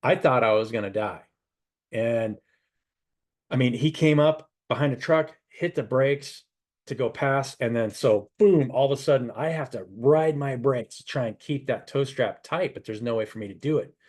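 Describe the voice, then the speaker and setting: A middle-aged man, a spiritual advisor, telling a rambling, animated story and giving casual advice. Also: medium pitch, normal speed.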